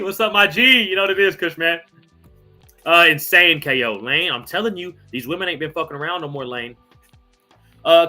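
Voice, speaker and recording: A man hosting a live MMA recap stream in casual sports talk, hyped and profane, shouting out viewers in the chat. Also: a little high.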